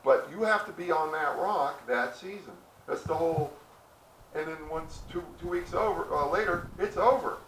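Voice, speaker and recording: A man's voice: a little high, fairly bright tone, slight background noise. Man, speaking from a distance. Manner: halting, restarts, asks the audience questions. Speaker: presenter. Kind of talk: casual public talk. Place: outdoor historic site. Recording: echoey and distant from the mic.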